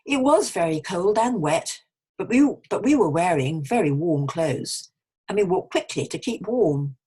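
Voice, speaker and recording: A woman's voice: lowish voice, lively intonation, unhurried, mellow, husky. A woman reading as a chatty young woman who tells her friend about a walk, in a scripted pronunciation-lesson dialogue. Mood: cheerful.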